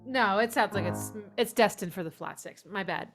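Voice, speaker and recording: A woman's voice: medium pitch, moderate pace. A woman music teacher giving casual, enthusiastic feedback on a student's song, humming melodies along as she listens. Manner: enthusiastic, warm praise, hums melodies along. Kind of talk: casual spoken critique over playback. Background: music playing.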